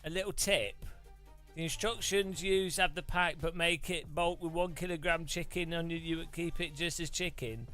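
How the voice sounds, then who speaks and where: A man's voice: on the high side, steady tone, moderate pace, sharp tone, faint music behind. A British man hosting a gaming channel, chatting casually to his viewers, joking and laughing as he rambles. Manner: jokey and laughing, mocks foreign languages. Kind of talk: casual chat to a live chat.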